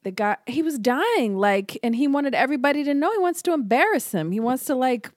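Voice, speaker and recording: A woman's voice: sits high, fairly quick, no room sound, studio quality. A young adult woman co-hosting a podcast, telling stories in casual chat and acting out the quoted lines. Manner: animated storyteller, acts out quotes. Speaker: podcast co-host.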